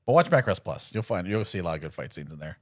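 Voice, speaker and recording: A man's voice: low voice, sing-song, fast, no room sound, clean studio sound. Laughing man co-hosting a podcast. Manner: laughs often, playful asides. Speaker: podcast co-host. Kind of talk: casual livestream chat.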